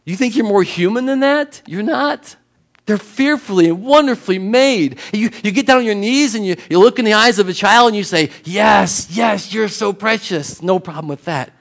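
A man's voice: high voice, animated, brisk. A man preaching a sermon in an emphatic, conversational way, acting out little exchanges with people. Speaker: pastor.

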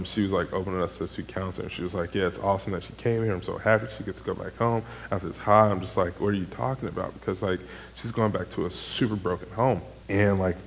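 A man's voice: low voice, long reverb tail, a little hiss or hum, low-quality recording. A young man, a former camp counselor, giving a casual sermon testimony in a rambling way, full of "like" and "um". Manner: rambling, heavy use of "like" and "um".

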